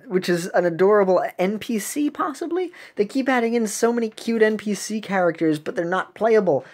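A woman's voice: lowish voice, a little mellow. A woman hosting a game video who chats casually about the cutscenes, musing and trailing off with ums.

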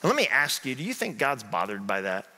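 Bright-voiced pastor in a big hall. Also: male voice, medium pitch, wildly swooping pitch, brisk. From southern Indiana. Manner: conversational, keeps asking "right?". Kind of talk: sermon. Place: church sanctuary. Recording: echoey sanctuary hall.

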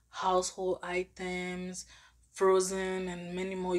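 A woman giving a step-by-step tutorial on a cashback app for her vlog, explaining plainly. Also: lowish voice. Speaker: finance app reviewer.

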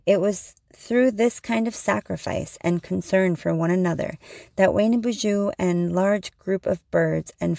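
Woman reading a story out loud, lowish gravelly voice, slow and measured. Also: no room sound, clean studio sound.

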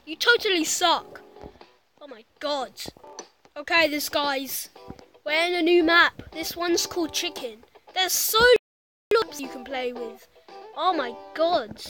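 A woman commenting on a physics game she is playing, excitable and teasing, trash-talking the crash dummy on screen. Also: high-pitched, slow pace, long pauses. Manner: excitable, shouts and trash-talks the game character. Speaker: gameplay commentator. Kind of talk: excited let's-play commentary. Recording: loud game music behind.

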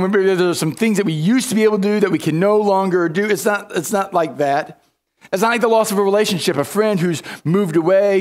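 A man preaching a sermon in a church, emphatic, often repeating words and restarting. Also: sits high. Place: church sanctuary.

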